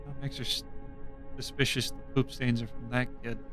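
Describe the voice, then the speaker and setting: A man's voice: mid-range voice, little pitch movement, normal speed, over music. A man streaming a game, chatting casually with mumbled asides. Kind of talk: live game playthrough commentary.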